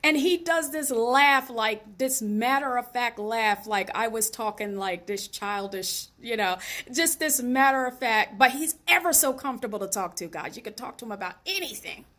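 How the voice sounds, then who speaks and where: A woman hosting her own show, telling a personal story in a casual, animated way and addressing her viewers directly. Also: a little high, normal speed. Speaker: host.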